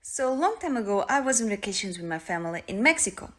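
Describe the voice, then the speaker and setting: A woman's voice: medium pitch, very animated, fast, fairly bright tone. A woman from Portugal, telling a story earnestly and now and then searching for words. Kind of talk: storytelling to camera.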